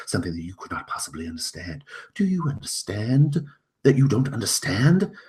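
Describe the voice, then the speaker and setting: A solemn guardian giving a warning, put on by a man. The voice is loud, grave and deliberate. It is raised well above the performer's very deep natural register.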